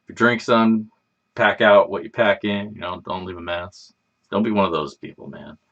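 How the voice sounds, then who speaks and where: Low-voiced, laid-back man rambling casually. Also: fairly even intonation, normal speed, a bit bright, dull audio. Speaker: livestream host. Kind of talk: casual livestream chat.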